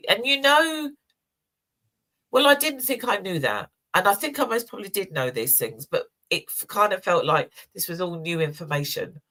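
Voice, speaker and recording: A woman's voice: mid-range voice, lively intonation, normal speed. A woman in her sixties co-hosting a community chat show, telling personal stories in an emotional, chatty way. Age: 60s. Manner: warm, emotional storytelling with laughs. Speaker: co-host. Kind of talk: casual chat.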